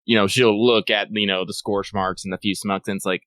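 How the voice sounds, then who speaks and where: A man's voice: fairly low pitch, level tone, brisk, a bit bright, dry recording. A man playing a tabletop game, talking casually and playfully in character. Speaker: player.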